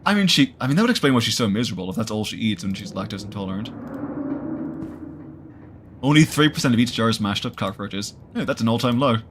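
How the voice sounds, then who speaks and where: A man's voice: medium pitch, animated, fast talker, slight background noise. A man streaming a horror visual novel, reading the narration aloud and adding jokey asides.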